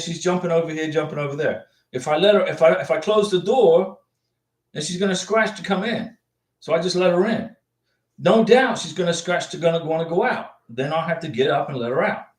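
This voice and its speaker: A man's voice: fairly high pitch, recorded from a distance. A man hosting a casual livestream from his home office, reading viewer comments and rambling with frequent repeats. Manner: chatty, rambling, repeats himself often. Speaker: livestream host answering visa questions. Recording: roomy echo, off-mic.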